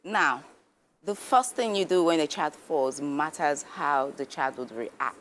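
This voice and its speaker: A woman guest on a breakfast TV show who explains child development in an animated way and acts out how parents react. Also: low voice, unhurried, a little hiss or hum. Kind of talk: explanatory studio talk. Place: TV studio.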